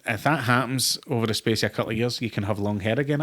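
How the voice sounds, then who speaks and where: Man, Glasgow accent, middle-aged, mid pitch, casual interview talk, swears often, acts out quotes. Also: quick pace, a bit bright. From Scotland. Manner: swearing, storytelling with acted-out quotes. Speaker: actor guest.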